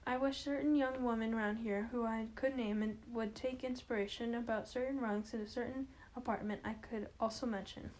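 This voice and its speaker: A worn-out young wife, read by a woman, speaking plainly with a dry edge. The voice is high and mellow, kept low-key in a simple play reading. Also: steady tone, normal speed, few pauses, slight background noise, natural voice, low-quality recording.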